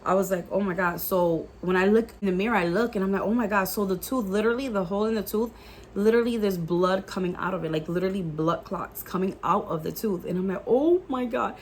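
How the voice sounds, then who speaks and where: Fast-talking woman telling her story. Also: mid-range voice, steady tone, slight background noise. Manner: chatty, peppered with "like" and "guys". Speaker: YouTuber telling a personal testimony. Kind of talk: casual storytelling to camera.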